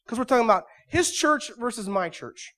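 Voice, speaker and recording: A man's voice: extremely high pitch, animated, fairly quick. Emphatic male church pastor preaching. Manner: swings from quiet storytelling to loud emphatic preaching. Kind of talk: sermon.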